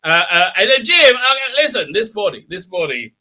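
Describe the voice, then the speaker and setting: Excitable man, high and sharp. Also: moderate pace. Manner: excitable and rambling, bursting into loud exclamations. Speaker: livestream host. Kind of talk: live stream chat, reading viewer comments.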